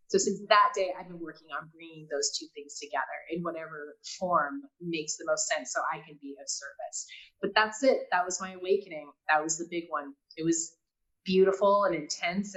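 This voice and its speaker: A woman telling a personal story in casual talk, animated, acting out quotes and often laughing. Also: sits low, fairly quick, low-quality recording. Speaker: guest.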